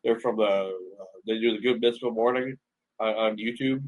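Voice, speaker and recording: A man's voice: on the low side, steady tone, a little fast, low-quality recording. A man hosting a casual radio interview, chatty and enthusiastic, often repeating words as he talks. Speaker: radio show host.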